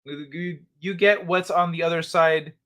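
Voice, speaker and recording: A man's voice: fairly high pitch, steady tone, normal speed, bright, forceful tone, dull audio. A man hosting a casual late-night livestream, reading headlines aloud, swearing freely and laughing often. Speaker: livestream host.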